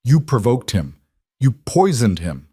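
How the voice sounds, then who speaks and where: A man's voice: mid-range voice, big pitch swings, unhurried, dark tone, slightly rough, dry recording, studio quality, pitched above the performer's own voice, exaggerated voice. A man voicing a grim, blunt werewolf warrior who speaks urgently.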